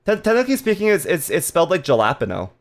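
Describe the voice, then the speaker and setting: A playful streamer chatting with viewers during a live stream, voice swooping up and down with lively energy. Giggly and given to crude jokes, sitting at a middle pitch.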